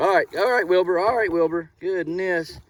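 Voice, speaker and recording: A man's voice: sits high, normal speed. A man who keeps pigs on a homestead, chatting in a playful, teasing way to his animals outdoors. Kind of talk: casual vlog chat. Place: outdoor pig pen on a farm.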